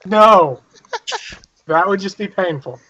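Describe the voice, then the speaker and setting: A man playing a tabletop game in a casual, excitable way. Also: high voice, takes it slowly, no echo, dull audio. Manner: excitable, exclaiming. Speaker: player.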